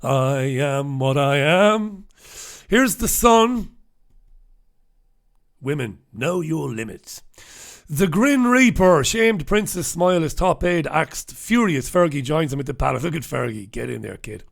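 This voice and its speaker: A man's voice: on the high side, animated, a little slow, creaky. Irreverent man reading the papers. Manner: irreverent, swearing, chuckling asides. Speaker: host reviewing newspapers. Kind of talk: casual humorous commentary.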